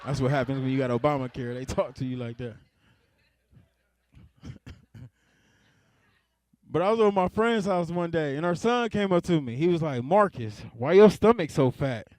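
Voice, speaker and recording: Young guy doing standup, kinda high voice, dry close sound, chuckles a lot, drags out the punchlines. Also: expressive, darkish tone, dry recording. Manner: laid-back, chuckles between jokes, drawn-out punchlines. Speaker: stand-up comedian. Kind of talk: stand-up comedy set.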